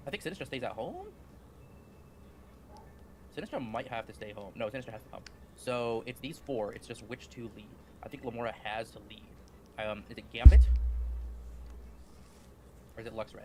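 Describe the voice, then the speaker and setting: A man talks himself through his moves as he plays, weighing each choice in a low mutter. His pitch is ordinary, and a faint hiss of noise sits under his voice. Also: expressive, normal speed, pauses often. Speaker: player. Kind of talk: thinking aloud while playing.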